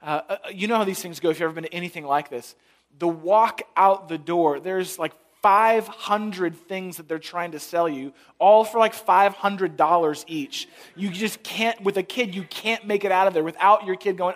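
A pastor in his thirties preaches a sermon, telling a family story and acting out the voices of his wife and little daughter. His voice sits high, moves fairly quickly, and sounds a bit bright.

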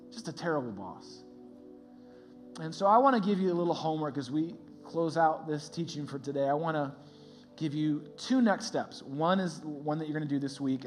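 A man preaching a sermon as a pastor in a lively, conversational way, laughing often. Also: fairly high pitch.

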